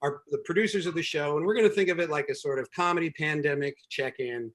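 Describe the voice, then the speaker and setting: Male comedian, host, wry and rambling, many ums, somewhat high voice, video call sound. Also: quick pace. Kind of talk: stand-up comedy set.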